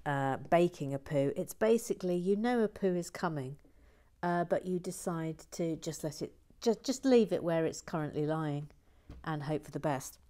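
A woman hosting a casual livestream, reading viewer comments in a playful, chatty way and dropping into quiet muttered asides. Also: sits low, animated, normal speed. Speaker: livestream host building a toy set.

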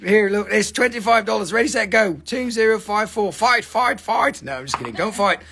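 A middle-aged man with a Southern American accent, hosting a live rock sale in an excitable, rambling, foul-mouthed way. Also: high-pitched, brisk, vocal fry, a little hiss or hum. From Southern United States. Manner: excitable, rambling, swears a lot. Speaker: host selling rocks. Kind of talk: live sales stream chat.

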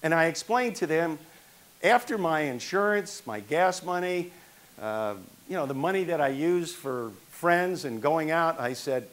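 A man's voice: fairly high pitch, expressive, unhurried, fairly bright tone. An older man from New York performing a one-man stage monologue, telling his own story and acting out the people in it.

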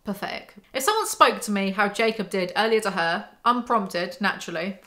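Woman ranting about a book, bright tense voice, sarcastic and snarky. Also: mid-range voice, expressive, normal speed, few pauses. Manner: sarcastic, mocking asides. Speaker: book commentary YouTuber. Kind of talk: casual snarky book recap.

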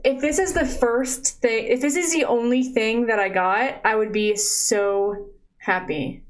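A young woman live-streaming from home on a close mic, gushing excitedly as she opens gifts, saying "like" and "oh my gosh" over and over. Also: on the high side, normal speed, low-quality recording. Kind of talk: casual live-stream unboxing chat. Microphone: close desk mic.

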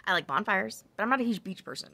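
A woman's voice: mid-range voice, lively intonation, fast talker, sharp tone, no echo. A woman vlogging about her crochet projects in a casual, rambling chat full of tangents, ums and self-corrections. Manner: chatty, rambling with side tangents.

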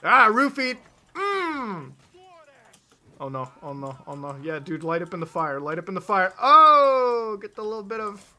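A man streaming a video game live, commenting as he plays and reading chat messages in a profane, excitable and mocking manner with sudden shouts. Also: a little high, fast talker, hardly any pauses.

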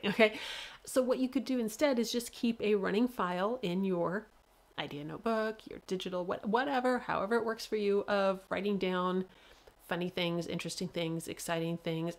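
A woman's voice: mid-range voice, normal speed. Chatty woman host, laughing often. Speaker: author hosting a livestream show. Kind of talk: casual livestream talk.

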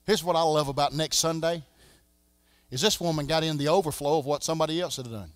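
Southern pastor guy preaching in church, high voice, dry sound, loud then quiet. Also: fast, dry recording. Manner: preaching with swings from shouting to hushed. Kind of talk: sermon. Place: church sanctuary.

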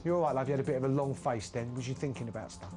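A man's voice: mid-range voice, rapid-fire. A man hosting a TV game show live, joking and teasing his co-host. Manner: jokey, teasing banter with a co-host. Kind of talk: live TV presenting over music. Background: background music.

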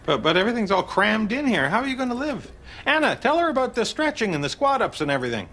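A man's voice: high-pitched, sing-song, fast, bright, forceful tone. A man in a sitcom, talking in an anxious, pleading way. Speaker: sitcom character. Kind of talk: sitcom acting.

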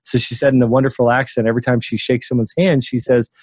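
A man in his sixties chats loosely as an interview guest, trailing off and restarting often. His voice sits at an ordinary pitch and sounds dry and close. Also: flat delivery, fast talker, a little mellow, husky, no room sound. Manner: rambling, many fillers and restarts. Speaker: memory expert guest. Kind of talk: casual interview talk.

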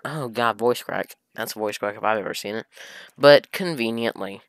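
A man's voice: on the low side, normal speed, dry recording. A man reading a fan fiction aloud for comedy, breaking in with exasperated, sarcastic commentary and swearing.

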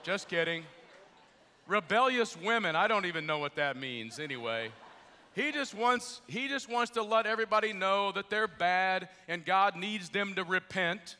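A man's voice: high-pitched, moderate pace, sharp tone. A middle-aged man preaching a sermon as pastor, joking and conversational, a little jet lagged. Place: large church with balcony. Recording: long church hall reverb.

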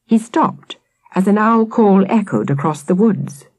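Expressive husky woman narrator. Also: mid-range voice, a little slow, no room sound. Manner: expressive, dramatic reading. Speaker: audiobook narrator. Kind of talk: children's audiobook narration.

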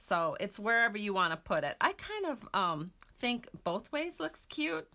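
Bright, chatty woman teaching a craft. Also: mid-range voice, big pitch swings, moderate pace. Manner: chatty, talks to viewers while working. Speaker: stamping craft demonstrator. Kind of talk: casual craft tutorial.

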